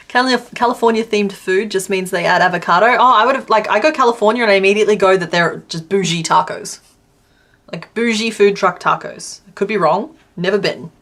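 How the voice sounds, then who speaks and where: A woman's voice: mid-range voice, moderate pace, fairly bright tone. An Australian woman chatting casually on a live stream while she crochets, answering her chat and laughing often.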